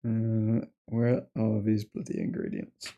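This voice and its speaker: A man's voice: lowish voice, wildly swooping pitch, takes it slowly, vocal fry, warm tone. Chatty man hosting a stream. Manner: chatty, rambling, laughs often, reads chat aloud. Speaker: streamer host. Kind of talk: casual live watchalong commentary.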